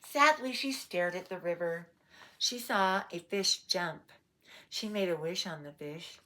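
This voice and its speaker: A woman reading a picture book aloud at a slow, unhurried pace. She stops now and then to ask her young listeners playful questions. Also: fairly low pitch, bright, forceful tone. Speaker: storyteller. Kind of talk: read-aloud storytime for children.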